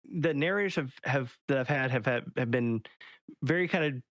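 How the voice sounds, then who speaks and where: A man at a middle pitch talks in a loose, chatty way, restarting his sentences and laughing often. The recording is dry and close, with no room sound. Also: normal speed, a bit bright, no echo. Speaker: author. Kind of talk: casual interview talk.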